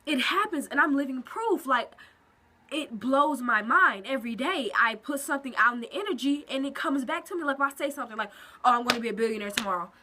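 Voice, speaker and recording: A woman talking casually to camera at home in a vlog, expressive and animated with quick asides. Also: sits high. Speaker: vlogger. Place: at home, indoors.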